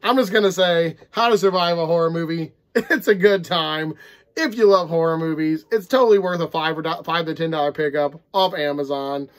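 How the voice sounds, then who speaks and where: A man's voice: on the high side, fairly quick. A man in his thirties rambling through an unedited book review to camera, tired and prone to giggling. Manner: rambling, easily breaks into giggles. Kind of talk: casual unedited video review.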